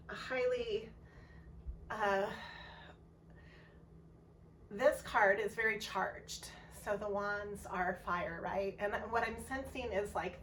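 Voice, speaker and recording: A woman reading tarot in a casual vlog, soft-hearted and rambling, with many pauses and ums. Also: mid-range voice. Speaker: tarot reader. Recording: voice a bit far from mic, faint background noise.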